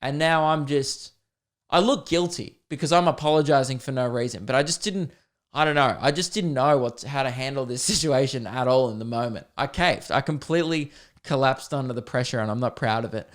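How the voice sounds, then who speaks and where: A young podcast host with a clear, resonant voice, sitting neither high nor low in pitch. He tells an animated comic story, poking fun at himself and swearing casually as he goes. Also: brisk. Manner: animated, self-deprecating, sweary.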